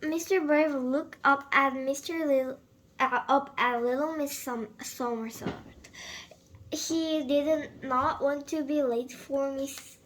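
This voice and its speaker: A woman reads a children's picture book aloud, often stumbling and restarting her words. Her voice is high, and she reads at a slow pace. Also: steady tone, fairly bright tone, rough recording. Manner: halting, with frequent slips and restarts. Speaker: storyteller.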